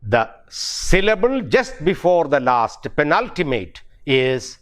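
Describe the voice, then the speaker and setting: A man's voice: on the high side, very animated, slow pace, fairly bright tone. A middle-aged man with an Indian English accent teaching pronunciation, spelling words out letter by letter and repeating key words. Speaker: university English professor. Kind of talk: pronunciation lecture.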